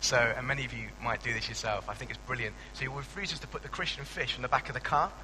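Bright-voiced young pastor preaching. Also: male voice, medium pitch, fast, long reverb tail, a little hiss or hum, rough recording. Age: young adult. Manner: conversational and animated, with frequent restarts and playful asides. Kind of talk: sermon.

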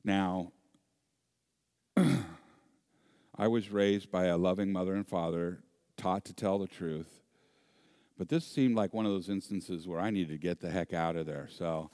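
Deep-voiced pastor telling a lively story. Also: male voice, unhurried, pauses often, no echo, studio quality. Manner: animated, humorous storyteller who acts out voices and sounds. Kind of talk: sermon storytelling.

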